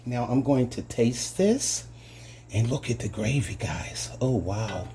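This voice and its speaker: A man's voice: mid-range voice, lively intonation, slow, dark tone, a little hiss or hum. A man hosting a casual cooking demonstration in a home kitchen, chatting to his viewers as "guys" and savoring each taste with little hums. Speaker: home cooking channel host.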